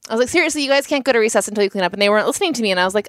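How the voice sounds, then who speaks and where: A woman co-hosting a podcast, chatting and telling a story of her own in a relaxed, conversational way with some swearing. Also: fairly high pitch, rapid-fire, hardly any pauses, no echo, clean studio sound. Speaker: podcast co-host. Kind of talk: casual podcast chat.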